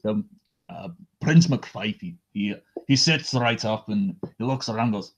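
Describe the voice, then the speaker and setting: A man's voice: lowish voice, lively intonation, measured pace. A man running a tabletop game as dungeon master, talking in a hesitant, self-deprecating way with many fillers. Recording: dull lo-fi recording.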